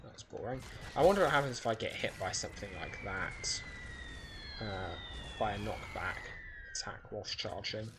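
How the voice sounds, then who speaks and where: Gravelly low-voiced man musing over gameplay. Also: animated, normal speed, background noise. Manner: rambling, self-correcting, musing aloud. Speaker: gaming video creator. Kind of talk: casual speedrun commentary.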